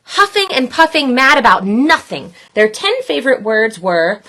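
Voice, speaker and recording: A woman reading a children's picture book aloud in a playful, expressive way. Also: fairly high pitch. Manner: playful, expressive, slow and deliberate. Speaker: storyteller.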